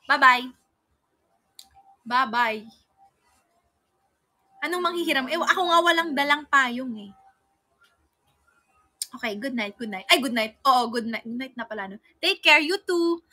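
Bright high-voiced Filipino young woman. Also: unhurried, long pauses. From Philippines. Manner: playful and giggly, reading out viewer names. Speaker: idol livestreamer. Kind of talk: casual livestream chat, mixing Tagalog and English.

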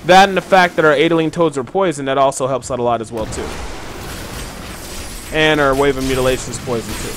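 A yawning, worn-out streamer offers easygoing commentary on his game, explaining its mechanics to viewers in a mid-range voice at a fairly brisk pace. Loud game music plays behind him, with slight background noise.

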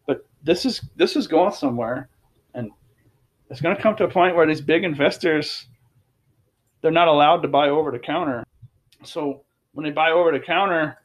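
A man giving casual, emphatic commentary over charts, repeating phrases and restarting sentences. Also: a little high. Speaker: crypto commentator.

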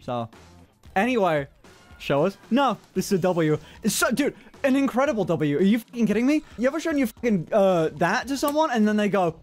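A man's voice: high-pitched, a little fast, faint music behind. A man streaming live, chatting casually and rambling with heavy swearing. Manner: swears constantly, rambling and animated. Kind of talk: casual livestream chat.

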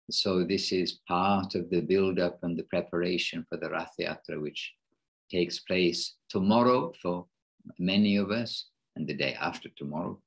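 A man hosting an informal devotional class online, speaking haltingly and rephrasing himself mid-sentence. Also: low voice, slightly rough, poor audio. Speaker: class host.

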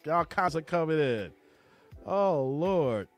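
A man hosts a live stream, laughing and teasing while he reads the chat. His voice sits fairly high and swings widely in pitch. Faint music plays behind him. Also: animated, slow pace. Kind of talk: casual live stream commentary.

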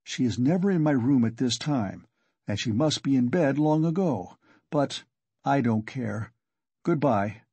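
A man reading the part of a feverish, weak young man who talks in a strained, fretful way, with a husky voice. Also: medium pitch, expressive, unhurried, warm tone, dry recording. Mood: tense. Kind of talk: audiobook character reading.

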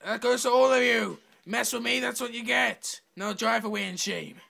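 Man, high voice, gravelly, bright, casual gameplay commentary, swearing, taunting other players. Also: steady tone, moderate pace. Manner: brash, swearing trash talk; talks to himself and at other players. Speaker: gamer.

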